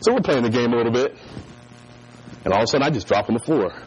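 Lively male preacher telling a story. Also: medium pitch, quick pace, slight background noise, rough recording. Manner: animated storyteller who acts out voices. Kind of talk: sermon with a childhood story.

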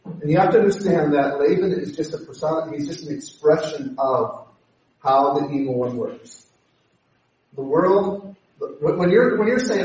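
A man preaching a sermon, animated and acting out the voices he quotes. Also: fairly high pitch, normal speed. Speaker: pastor. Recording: echoey hall from far off.

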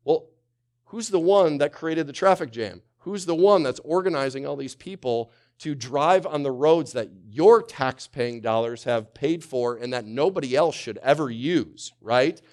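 Male pastor preaching with loud-to-hushed swings. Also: fairly high pitch, lively intonation, unhurried. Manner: calls on the congregation to answer; asks many rhetorical questions. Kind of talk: sermon.

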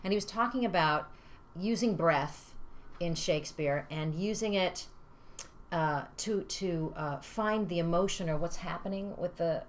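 A woman's voice: fairly low pitch, a little slow, slight background noise. A middle-aged woman, a stage actress, chatting casually on a podcast and acting out lines as she explains. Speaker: Shakespearean actress and guest.

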